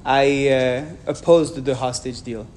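A man with a French accent gives a public talk and answers audience questions frankly, pausing in a measured way and restarting sentences. His voice is medium-pitched, steady and a little mellow.

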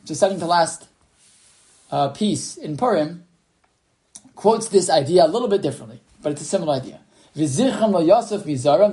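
Over a video call, a man with a high-pitched yet dark-toned voice teaches a Torah class as an online lecture. He tells a story and reads sources, with lots of fillers and restarts.

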